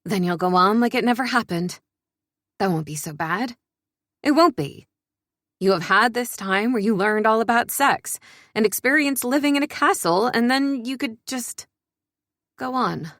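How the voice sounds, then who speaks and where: A young woman reading a first-person story in a soft, measured, introspective way. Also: a little high, dry recording, clean studio sound. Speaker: narrator.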